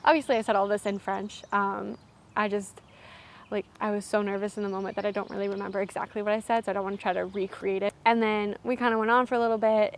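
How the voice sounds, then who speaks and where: A woman's voice: mid-range voice, a little hiss or hum. A young adult woman and college student telling a story to camera in a chatty, self-deprecating way. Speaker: vlogger, college student of French.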